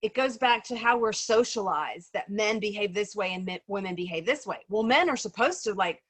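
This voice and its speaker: A woman's voice: medium pitch, lively intonation, moderate pace, fairly bright tone, slightly rough, dry recording. A woman facilitating a group discussion in a conversational way, full of ums and "right?" checks. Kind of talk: casual group discussion on a video call.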